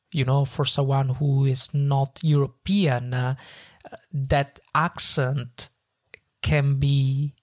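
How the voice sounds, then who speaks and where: A man from Italy with an Italian accent, hosting a podcast and retelling a speech with his own halting asides. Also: medium pitch, creaky, no echo, clean studio sound. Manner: halting, many fillers and restarts when speaking off-script. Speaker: podcast host.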